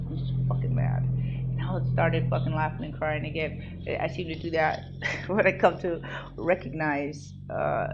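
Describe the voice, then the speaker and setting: A woman in a raw personal monologue, blunt and emphatic with heavy swearing, at times rising to loud outbursts. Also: low voice. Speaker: vlogger sharing personal growth. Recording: dull lo-fi recording with faint background noise.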